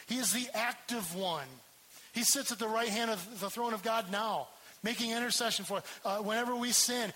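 A man's voice: high voice, sharp tone, poor audio. A man preaching a sermon as pastor, emphatic and repeating key words for stress.

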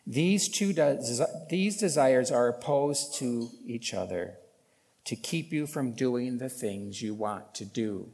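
A man's voice: mid-range voice, expressive, takes it slowly, darkish tone, big-room sound. A man preaching a sermon as a pastor, emphatic, with rhetorical questions and bursts of force on key points.

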